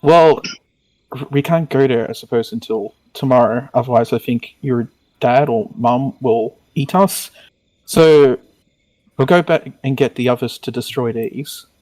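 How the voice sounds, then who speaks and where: A man's voice: medium pitch, measured pace, darkish tone, no echo, poor audio. A man playing a tabletop game over voice chat, talking hesitantly with restarts and frequent laughs. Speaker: player.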